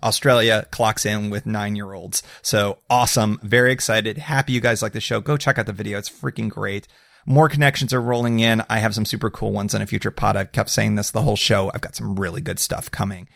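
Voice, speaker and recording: A man's voice: on the low side, steady tone, a little fast, creaky, a bit bright, no echo, clean studio sound. A man hosting a podcast, talking in an upbeat, chatty way with fillers and laughs. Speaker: podcast host. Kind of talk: casual podcast talk.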